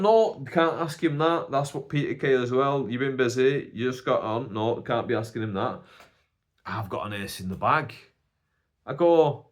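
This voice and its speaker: Male podcast host, Manchester accent, animated storyteller who voices everyone in the anecdote; mid-pitched. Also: brisk. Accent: Northern English, Greater Manchester. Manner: animated, acts out both sides of dialogue. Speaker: podcast host and stand-up comedian. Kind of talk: casual storytelling.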